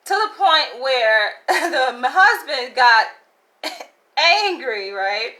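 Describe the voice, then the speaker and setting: A vlogger tells stories straight to her viewers in a chatty, candid way, sprinkling in "like" and "right?" and laughing often. Her slightly high voice is bright and forceful, with big pitch swings and drawn-out words. The recording is rough.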